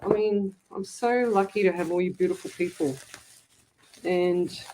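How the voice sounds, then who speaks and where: A woman's voice: on the low side, measured pace, mellow, a little hiss or hum, low-quality recording. Gushing woman chatting on a home livestream. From Australia. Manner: gushing, chatty, many restarts. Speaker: psychic medium, livestream host. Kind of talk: casual livestream chat. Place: home office. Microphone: webcam.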